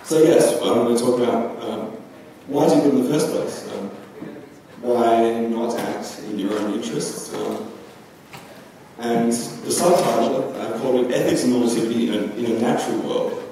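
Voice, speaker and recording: Heard from a distance in an echoey lecture hall, a young male conference speaker delivers a casual philosophy talk full of ums. He speaks at a normal pace with a medium, mellow pitch, and there is slight background noise.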